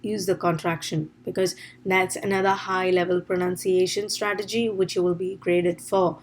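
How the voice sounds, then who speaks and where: A woman's voice: fairly low pitch, flat delivery, normal speed. Woman teaching an exam-prep lesson. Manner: explanatory, repeats "all right?" checks. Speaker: IELTS teacher. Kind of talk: online lesson.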